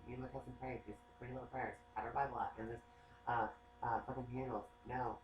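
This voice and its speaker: A man who works as a psychic, talking in a casual, rambling monologue. He swears a lot and gets excitable. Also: medium pitch, fast talker. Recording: echoey room, faint noise.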